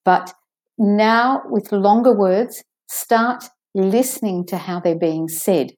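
A woman teaching English pronunciation, patiently saying model words slowly and clearly, then explaining how each should sound. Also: mid-range voice, expressive, warm tone. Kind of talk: pronunciation lesson.

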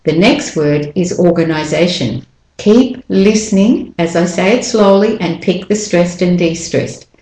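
A woman's voice: fairly low pitch, unhurried, a little mellow, slight background noise. A woman teaching English pronunciation, sounding out syllables one by one and repeating each word several times. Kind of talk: slow, deliberate pronunciation lesson. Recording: echoey room.

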